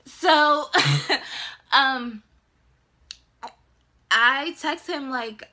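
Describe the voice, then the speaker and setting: A young woman in her twenties telling a dramatic, animated personal story in a casual vlog. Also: mid-range voice, slow pace. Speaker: vlogger.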